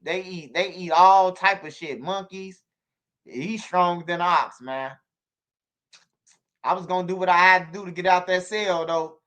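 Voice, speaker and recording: A man hosting a stream, telling stories in a slangy, animated way and repeating himself. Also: sits high, normal speed. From Chicago. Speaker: channel host on a livestream. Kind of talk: casual storytelling to viewers.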